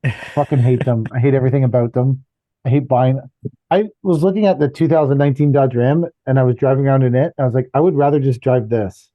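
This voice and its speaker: A man's voice: mid-range voice, quick pace, no echo. Blunt man in his fifties, lo-fi. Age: 50s. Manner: blunt, profane ranting. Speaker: podcast co-host. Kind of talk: casual chat. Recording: dry, dull lo-fi audio.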